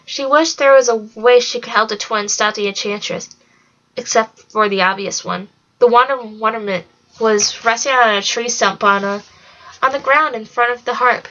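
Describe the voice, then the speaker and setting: A woman reading a storybook aloud in an even, steady way. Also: a little high, normal speed, muffled recording. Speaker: reader. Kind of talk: storybook read-along narration.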